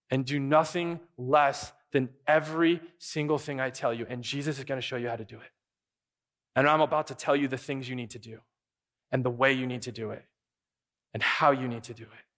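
A man preaching a sermon as pastor, animated and acting out quick imagined dialogue. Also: on the high side, long reverb tail.

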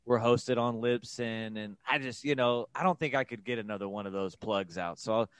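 A man's voice: medium pitch, normal speed, a bit bright, clean tone, dry recording. A young man guesting on a podcast, joking and self-mocking in casual chat.

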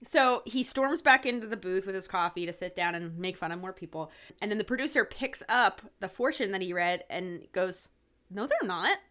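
A woman's voice: mid-range voice, normal speed. A woman co-hosting a podcast, casually retelling a TV episode with lots of "like" and acted-out quotes. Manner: animated retelling, many "like"s, acting out quoted lines. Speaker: podcast co-host. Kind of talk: casual chat recapping a TV episode.

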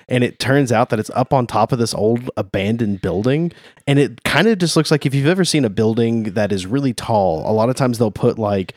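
Low-voiced man chatting on a podcast, dry sound. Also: a little mellow, dry recording. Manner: chatty, rambling, laughs at his own jokes. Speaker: podcast co-host. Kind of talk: casual chat about comics.

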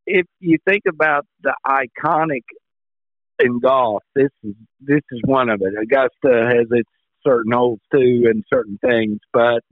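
A man's voice: medium pitch, dry recording. A man co-hosting a casual golf podcast, telling folksy stories and chuckling as he goes. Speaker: podcast co-host. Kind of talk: casual chat. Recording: tinny phone-like line.

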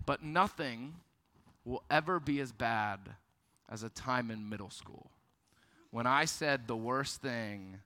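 A young man giving a youth ministry sermon, telling stories about himself in a lively, self-deprecating way. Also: a little high, a little slow, clean tone. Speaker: youth pastor. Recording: long hall reverb.

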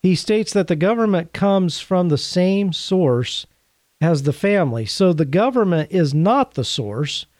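Earnest man teaching, slightly high voice. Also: expressive, unhurried, a little mellow, no room sound. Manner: earnest, conversational, dryly sarcastic asides. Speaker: Catholic teacher presenting a series. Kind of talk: teaching talk to camera.

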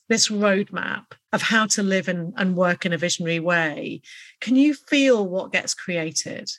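Earnest, unhurried woman podcast host. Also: mid-range voice. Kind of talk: solo motivational podcast talk.

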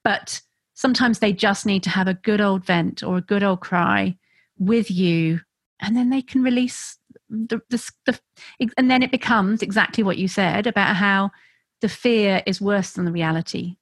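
A woman's voice: medium pitch, moderate pace, dry recording. A woman co-hosting a casual parenting podcast, talking freely and laughing, now and then acting out what children and parents say. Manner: warm, laughing, acts out children's and parents' voices. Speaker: podcast co-host.

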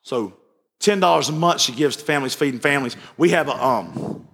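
A man preaching a sermon as pastor, telling stories and moving between quiet asides and raised fervor. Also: medium pitch, expressive, a little fast, gravelly, breathy edge. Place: church sanctuary. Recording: church sanctuary with long reverb.

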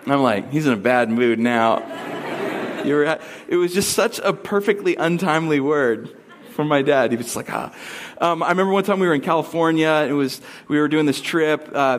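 Male pastor, casual sermon storytelling, slightly high voice, animated delivery.

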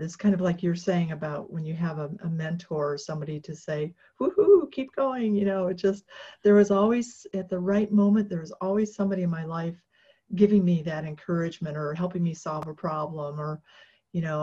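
A woman with a lowish voice is an interview guest telling a personal story, casual and animated, full of fillers and restarts, and she laughs often. The recording sounds dull and lo-fi.

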